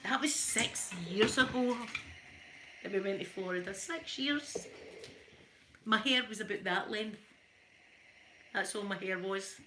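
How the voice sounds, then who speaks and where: A Scottish woman with a Glaswegian accent, chatting casually to her viewers. She tells funny stories, laughs a lot, and her throat is a little hoarse. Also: mid-range voice, unhurried, pauses often, sharp tone, a little hiss or hum. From Scotland. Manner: chatty storyteller, laughs often, mimics voices. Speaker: ASMR channel host.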